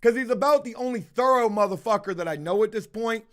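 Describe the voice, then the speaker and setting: A man's voice: high-pitched, fast. A man telling a heated, profanity-heavy story in a casual monologue with lots of emphasis.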